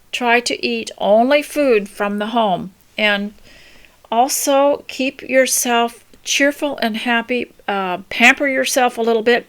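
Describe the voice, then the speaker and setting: Unhurried older woman giving homemaking advice. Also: fairly high pitch, clean tone. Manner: gentle, unhurried, many ums and restarts. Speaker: homemaking podcast host. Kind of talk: casual spoken advice talk.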